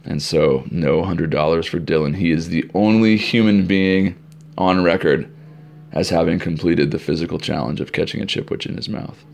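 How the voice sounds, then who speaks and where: A middle-aged man, a camp director, telling stories for an informal podcast in an animated way. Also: deep voice, moderate pace, gravelly. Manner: animated storyteller, acting out crowd shouts.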